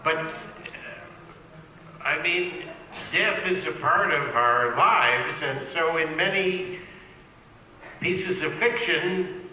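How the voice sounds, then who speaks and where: A man speaks as a convention panel guest, feeling his way through his answer with many pauses and hesitations. His voice is slightly high and sharply bright. The sound echoes through a big hall with a long reverb tail and a faint hiss underneath. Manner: halting and thoughtful, many hesitations. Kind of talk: answering a fan question on a panel.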